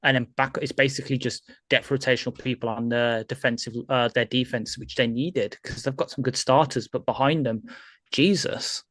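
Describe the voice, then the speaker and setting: A man's voice: mid-range voice, fairly even intonation, normal speed, a bit bright, no echo. A British man co-hosting a live sports stream, breaking down players analytically. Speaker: podcast co-host. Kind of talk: casual live-stream chat.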